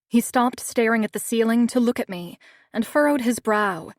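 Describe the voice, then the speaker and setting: A woman narrating a first-person audiobook with steady, measured storytelling. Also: on the high side, no echo, studio quality.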